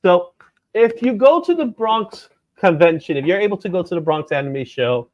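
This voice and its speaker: A man hosts a comic book show in a relaxed, joking way and laughs easily. His voice sits a little high and swings up and down a lot. The sound is close and dry. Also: normal speed, dry recording, highs cut off. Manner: lively, loose and joking, laughs often. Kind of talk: casual chat.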